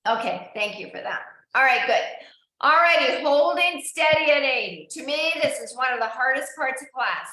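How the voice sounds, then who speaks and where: A woman's voice: sits high, animated, normal speed, sharp tone, slight background noise. A woman instructor coaching an indoor cycling class, encouraging riders and checking in on each of them by name. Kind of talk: live online fitness class coaching. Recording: very echoey room.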